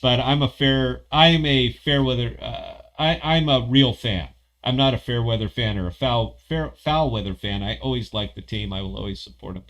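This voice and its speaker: Bright-voiced rambling man host. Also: mid-range voice, normal speed, few pauses. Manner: rambling, profane, excitable. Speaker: podcast host. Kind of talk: casual livestream chat.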